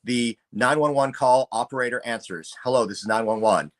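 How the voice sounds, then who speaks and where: A middle-aged man co-hosting a true-crime podcast sets out his views in a measured, deliberate manner, his voice at an ordinary middle pitch.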